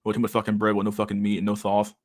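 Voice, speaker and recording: A man's voice: fairly low pitch, completely flat delivery, very fast. A man giving casual, rambling livestream commentary on pictures, swearing constantly and laughing often. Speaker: streamer reacting to pictures.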